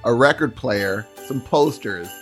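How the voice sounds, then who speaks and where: A man playing a twelve-year-old boy in an improvised comedy role-play, answering in a polite, formal, deadpan way in his own deep voice. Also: measured pace, faint music behind, natural voice.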